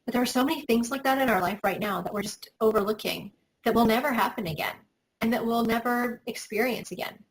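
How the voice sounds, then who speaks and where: A woman's voice: on the high side, quick pace, poor audio. A woman in her forties, a business coach and mother, talking casually in an interview with many fillers. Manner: chatty, frequent "like" and "um" fillers.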